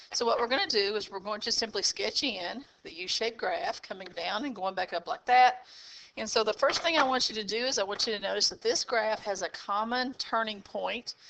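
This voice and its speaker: A woman's voice: mid-range voice, creaky, a bit bright, poor audio. A woman teaching a math class, explaining step by step and checking in with "okay?". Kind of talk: classroom lesson walkthrough.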